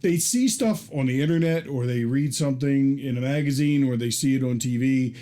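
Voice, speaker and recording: Mellow-voiced podcast host man. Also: mid-range voice, normal speed. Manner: agreeable, frequent affirmations, casual swearing. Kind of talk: conversational interview.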